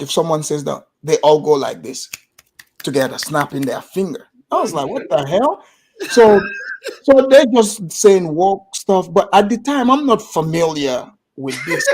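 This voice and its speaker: A man from Gambia with a Gambian accent, telling an animated story in casual chat and acting out the voices of others. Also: a little high. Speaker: guest storyteller.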